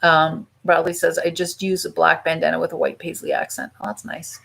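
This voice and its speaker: Brief: woman vlogger, sick, aching, lower voice, rambles and reads out chat comments on a live stream. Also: level tone, a little fast, vocal fry, a bit bright, low-quality recording. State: sick and in pain.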